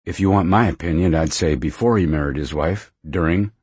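A man voicing a worldly middle-aged mother, blunt and wry. The voice stays very deep and raspy, close and dry, with little change from the reader's own. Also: a little fast, darkish tone, no room sound. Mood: frank. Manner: frank, matter-of-fact, wry.

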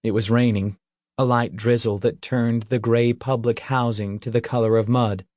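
A man narrating an audiobook in measured, even storytelling. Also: medium pitch, no room sound, clean studio sound.

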